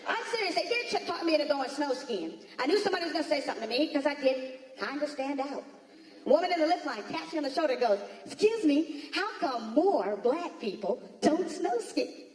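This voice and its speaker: Woman, stand-up comic, animated, punchy storytelling, reverberant theater. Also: high-pitched. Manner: punchy, storytelling delivery with quick asides to the audience. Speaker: stand-up comedian. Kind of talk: stand-up comedy routine. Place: large comedy theater stage. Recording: echoey hall recording with crowd. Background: audience laughter.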